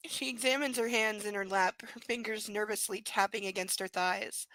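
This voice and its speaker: A woman's voice: mid-range voice, fairly even intonation, normal speed, few pauses, a bit bright, no room sound, rough recording. A woman reading a novel aloud live, breaking off for sarcastic, laughing asides about the story. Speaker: reader. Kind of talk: live book reading with commentary.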